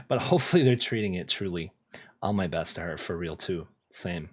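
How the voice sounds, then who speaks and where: Low, husky young guy streaming a game. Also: very animated, a little slow, long pauses, a bit bright. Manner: laid-back, chatty, reacting to chat. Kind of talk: casual gameplay commentary.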